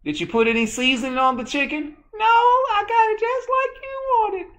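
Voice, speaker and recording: A shrill, bossy falsetto husband. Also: male voice, normal speed, a bit bright. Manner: demanding, mocking caricature. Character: fussy high-voiced husband bossing his wife about dinner.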